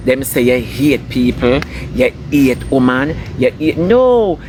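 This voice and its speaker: A man with a Jamaican accent lectures and scolds in a preachy rant, hammering his points home by repeating them. His voice sits a little high for a man. The recording is noisy, with street sounds and passing vehicles clearly heard behind him. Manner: scolding, preachy, emphatic repetition. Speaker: entertainer ranting online. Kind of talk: ranting commentary.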